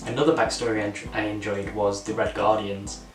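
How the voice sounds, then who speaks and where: A man's voice: lowish voice, little pitch movement, fairly quick. A man hosting a casual movie review, talking enthusiastically and rambling with many fillers. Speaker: channel host reviewing a film. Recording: echoey room, distant mic, music. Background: music.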